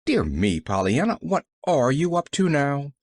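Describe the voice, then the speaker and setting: A man's voice: mid-range voice, wildly swooping pitch, a little slow, darkish tone, breathy edge, dry recording, studio quality, heavily acted. A man voicing a cold, impatient older aunt. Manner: cold, clipped.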